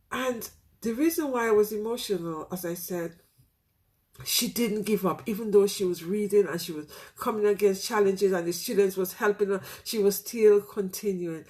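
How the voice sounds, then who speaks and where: A woman's voice: medium pitch, darkish tone. A middle-aged woman, a teacher, talking candidly and from the heart to her listeners in a casual reflective monologue, with many "you know" fillers.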